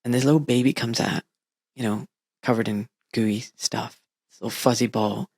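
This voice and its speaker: A man hosts a casual interview and tells candid, self-mocking stories about becoming a father. The recording is dry and close. His pitch sits in an ordinary middle range. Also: steady tone, moderate pace, darkish tone, husky, no room sound. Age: adult father. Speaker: podcast host.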